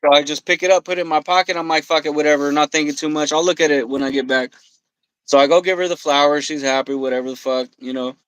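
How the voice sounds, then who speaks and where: Man, podcast guest, casual storytelling, profane, animated quoting, slightly high pitch, dry close mic. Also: fast talker, smooth, no room sound, low-quality recording. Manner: profane, animated, quotes himself and others. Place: podcast studio.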